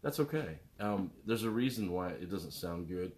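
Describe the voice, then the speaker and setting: On his live stream, a middle-aged male musician chats loosely with viewers in a low-pitched voice at a moderate pace. He calls out viewers by name and bounces animatedly between subjects.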